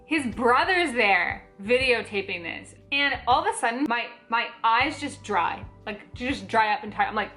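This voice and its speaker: Young female vlogger, casual storytelling, slightly high and bright, faint music underneath. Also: normal speed, few pauses. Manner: chatty, animated, many "like" fillers.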